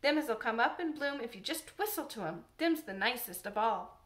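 A woman's voice: on the high side, expressive, fairly bright tone. A woman doing a cheery country boy. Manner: quick, easy, good-humoured.

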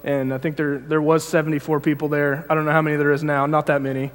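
A man's voice: fairly high pitch, level tone, fast talker. A young man giving an informal sermon in a church, telling a personal story with many restarts. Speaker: preacher. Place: church sanctuary. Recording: long church hall reverb.

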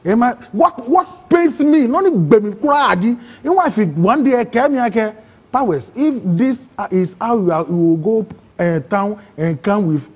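Ghanaian man, interview guest, high husky voice, animated testimony that acts out the people in his story. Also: normal speed. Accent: Ghanaian English. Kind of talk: emotional personal testimony.

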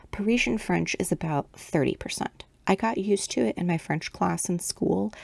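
A woman's voice: fairly low pitch, vocal fry, darkish tone, no room sound. A middle-aged woman talking in an earnest, explanatory way while knitting, in a casual personal video. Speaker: knitting vlogger.

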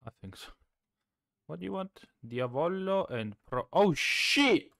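Loud, chaotic man gaming. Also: mid-range voice, animated, unhurried, gravelly, dry recording, clean studio sound. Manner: chaotic, swears, bursts of shouting. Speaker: streamer. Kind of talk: casual gameplay chat.

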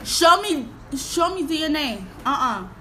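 Exasperated high-voiced woman reacting. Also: big pitch swings, unhurried, sharp tone, a little hiss or hum, poor audio. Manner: exasperated, blunt, slangy, repeats herself. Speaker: video reactor. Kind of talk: casual reaction commentary.

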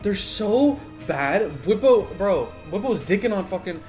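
A man's voice: high voice, lively intonation, unhurried, darkish tone, faint music behind. Agitated young man ranting, profanity-laden. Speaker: gaming video creator. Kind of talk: profane live-reaction rant.

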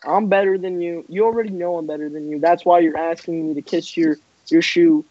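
A man's voice: on the high side, steady tone, a little fast, mellow, no echo, close to an everyday voice. A young man as a brash, mocking wrestler challenger. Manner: mocking, laughing trash talk. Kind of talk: amateur wrestling promo voice-over. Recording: dry, dull lo-fi mic.

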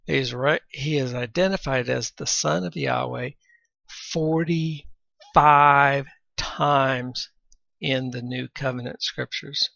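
A man giving a Bible teaching lecture, reading scripture aloud between explanations and often clearing his throat, on a dull lo-fi recording. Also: medium pitch, steady tone, slow pace, sharp tone, no room sound.

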